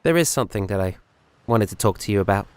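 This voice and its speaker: A man voicing a troubled young man who confides a fear in a hesitant, halting, earnest way. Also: fairly low pitch, animated, smooth, lightly acted. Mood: uneasy confiding.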